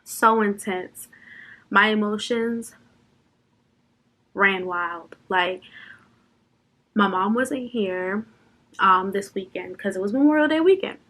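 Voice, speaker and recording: A woman's voice: mid-range voice, takes it slowly, long pauses, fairly bright tone. Emotional young woman vlogging. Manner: emotional, tearful at times, laughing. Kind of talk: unscripted personal vlog chat.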